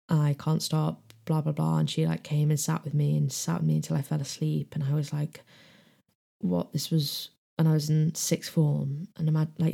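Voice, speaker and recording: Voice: medium pitch, creaky, dark tone. A young adult with a British accent telling a personal story frankly and at length, acting out the lines of other people. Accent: British English. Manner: rambling, frank, acts out quoted dialogue.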